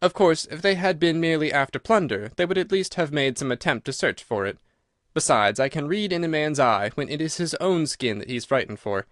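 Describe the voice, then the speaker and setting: A man voicing a sharp, assured detective who explains his reasoning in clipped, crisp sentences. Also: on the high side, expressive, brisk, dry recording, clean studio sound. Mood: explaining. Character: sharp, cool male detective, brisk and assured.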